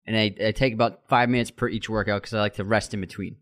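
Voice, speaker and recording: A man's voice: fairly low pitch, fast. A man on a casual chat show, telling a long story and acting out the heated back-and-forth with frequent restarts. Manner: animated storyteller, acts out heated dialogue, many restarts. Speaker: podcast co-host.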